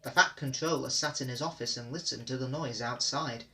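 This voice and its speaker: A man reading children's railway stories aloud in steady, clear narration. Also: mid-range voice, fairly quick, a little hiss or hum, poor audio. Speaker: reader. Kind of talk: storybook reading.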